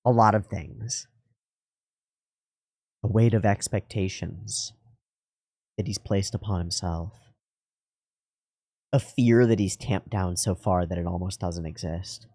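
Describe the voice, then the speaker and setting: A man's voice: deep voice, measured pace, pauses often, warm tone, breathy edge, dry recording, studio quality. A man hosting an anime reaction video, thinking aloud in earnest, musing commentary with frequent restarts. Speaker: anime reaction channel host. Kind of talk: reflective commentary.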